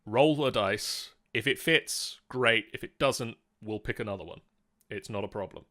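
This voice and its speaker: Bright-voiced male game master. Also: lowish voice, moderate pace. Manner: patient, methodical explainer. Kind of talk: explaining rules and reading chat on a live tabletop stream.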